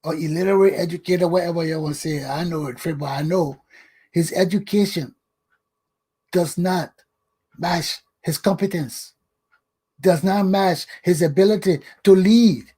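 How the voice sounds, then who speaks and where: At a measured pace, an older man with a Liberian English accent delivers a forceful, scolding monologue on the talk show he hosts, repeating words to stress them. His high voice is husky and dark in tone.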